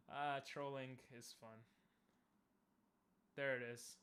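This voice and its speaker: A young man casually commenting on a game he is playing, chatting with viewers and bursting into loud cheers. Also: medium pitch, fairly even intonation, drawn-out words, a little hiss or hum. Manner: talks to chat, asks viewers questions. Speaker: streamer.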